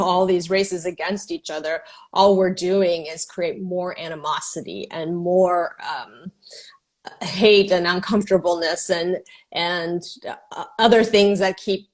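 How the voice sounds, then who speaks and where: A woman's voice: on the low side, steady tone, unhurried. A woman host from Texas in a casual interview, talking hesitantly with many fillers and restarts.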